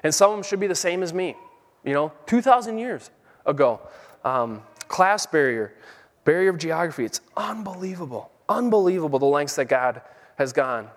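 Man, preacher, fervent emphatic sermon, higher pitch, reverberant hall. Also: expressive, normal speed. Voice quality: fervent, rising to emphatic peaks.

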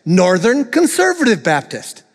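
A man voicing a despairing man on a bridge in a joke he reads out, giving short flat answers. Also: sits high, unhurried, vocal fry, long reverb tail, full character voice. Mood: terse.

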